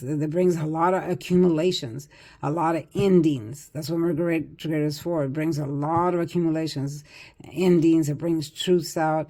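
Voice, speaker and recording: A woman's voice: sits low, mellow. Chatty older woman tarot reader. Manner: chatty, repetitive, laughs often. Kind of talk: casual psychic reading monologue.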